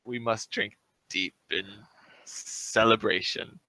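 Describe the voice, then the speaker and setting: A man's voice: fairly low pitch, fairly even intonation, takes it slowly, pushed and bright, dry recording, heavily acted, rough recording. A man voicing a boisterous male goblin leader who chants and makes grand pronouncements. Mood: jovial.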